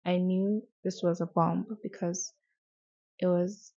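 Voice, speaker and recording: A young woman from Nigeria speaking softly and hesitantly in a personal reflective monologue, recorded at home with the mic sometimes out of reach. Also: lowish voice, level tone, takes it slowly. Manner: soft-spoken, hesitant, with restarts. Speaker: podcast host. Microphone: distance varies, mic briefly out of reach. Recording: dull, muffled home recording.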